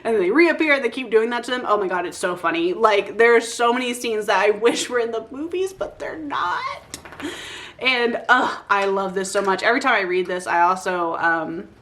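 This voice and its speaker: A young woman booktuber talking casually and excitedly about her favorite books, gushing and swearing freely. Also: medium pitch, normal speed. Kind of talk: casual chat.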